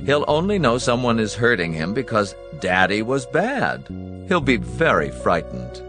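A man's voice: mid-range voice, big pitch swings, normal speed, music in the background, voice pushed up, lightly acted. A man voicing a smiling, menacing male clinic boss who speaks with false kindness. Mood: genial menace. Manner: falsely kind, sinister, genial.

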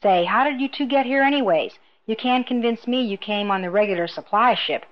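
A woman's voice: a little high, fairly quick, natural voice. Shrewd, smug old woman, voiced by a female reader; sly and mocking; muffled lo-fi audio. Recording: dull lo-fi recording.

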